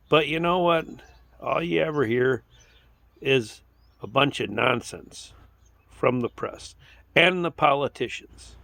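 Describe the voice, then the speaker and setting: A man's voice: medium pitch, vocal fry, a bit bright. A man delivering a casual, indignant political rant, often repeating "you know" as a filler. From United States. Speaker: political commentator.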